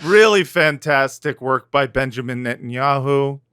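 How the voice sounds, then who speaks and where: A man's voice: mid-range voice, normal speed, over music. A man co-hosting a comedy podcast, riffing sarcastically in a loose chat with lots of fillers. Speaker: podcast co-host.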